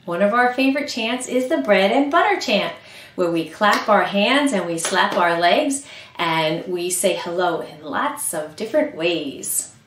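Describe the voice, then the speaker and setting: A middle-aged woman leading a toddler storytime at the library, talking in a slow, deliberate, sing-song way as she reads aloud. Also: medium pitch, lively intonation, fairly bright tone, recorded from a distance, slight background noise. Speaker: children's librarian. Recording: roomy echo.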